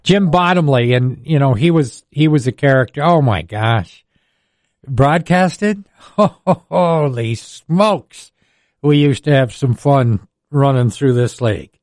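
A man's voice: medium pitch, animated, slow, a little mellow, dry recording, clean studio sound. An older man, a radio sports broadcaster telling rambling stories in casual chat, chuckling often.

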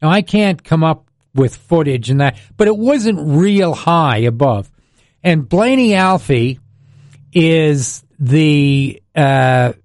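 An older man, spinning a rambling sports story and chuckling as he goes. His voice sits a little high for a man. The sound is close and dry, with no room around it. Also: a little mellow, dry recording. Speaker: radio sports broadcaster and host. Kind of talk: casual storytelling chat.

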